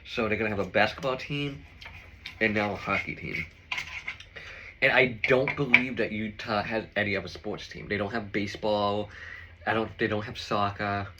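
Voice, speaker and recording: A man's voice: fairly low pitch, steady tone, normal speed, pushed and bright, slight background noise, low-quality recording. A man vlogging in casual chat with his viewers, rambling and opinionated with lots of fillers while he eats a meal.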